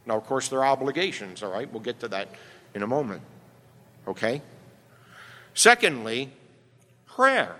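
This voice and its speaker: A man's voice: medium pitch, expressive, normal speed, pauses often, sharp tone. A male pastor preaching a sermon emphatically, often checking in with "right?". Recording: long reverb from a hall.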